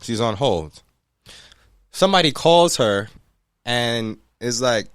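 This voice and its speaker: A man's voice: mid-range voice, slow pace, clean tone, no room sound, studio quality. A man co-hosting a casual podcast, telling a story with lots of swearing and quoted back-and-forth. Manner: profane, animated retelling with quoted voices. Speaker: podcast co-host.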